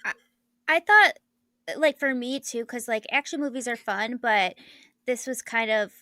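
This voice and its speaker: Bright-voiced woman, casual co-host. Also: fairly high pitch, dry recording, clean studio sound. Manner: quick reactions, laughs easily. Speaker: podcast co-host. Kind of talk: casual chat.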